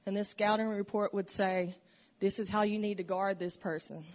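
A woman delivers a reflective, earnest testimony in a church sanctuary, telling of her faith and struggles with real emotion. Her mid-range voice is darkish in tone, with fairly even intonation and a normal speed.

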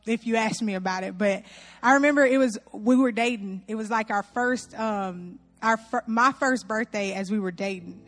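Animated high-voiced woman telling a funny story. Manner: animated, addresses audience as y'all, laughs often. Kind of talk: comedic storytelling to an audience.

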